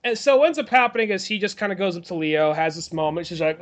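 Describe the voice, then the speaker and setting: A man co-hosting a podcast, casually retelling a film scene by scene and acting out the characters' lines in rough, swearing voices. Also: high voice, expressive, fast, hardly any pauses. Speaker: podcast co-host. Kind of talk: casual movie chat.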